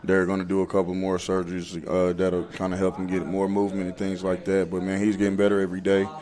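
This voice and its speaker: A man, a high school football coach speaking earnestly with many fillers. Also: monotone, fast, mellow. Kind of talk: casual interview.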